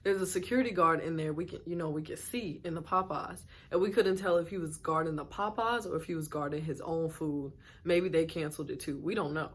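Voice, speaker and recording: A woman vlogger doing an animated, amused storytime narration. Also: deep voice, a little fast, hardly any pauses, slightly rough.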